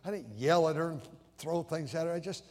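Fairly high-pitched, fairly quick, and a little mellow, an older man preaches as a pastor in a chatty, story-driven style, repeatedly stammering over his starts. The recording has long hall reverb.

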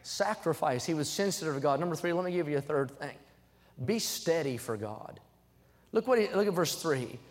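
A young man preaching a sermon in a church, emphatic and rising to loud, fervent peaks, reading scripture aloud between his points. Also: fairly high pitch, animated, moderate pace, big-room sound. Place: church sanctuary.

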